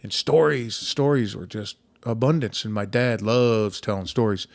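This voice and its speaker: A man's voice: fairly low pitch, moderate pace, vocal fry, a little mellow, no echo. A man hosting a podcast, chatting casually, telling stories with plenty of restarts and casual swearing. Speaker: podcast host. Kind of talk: casual conversational interview.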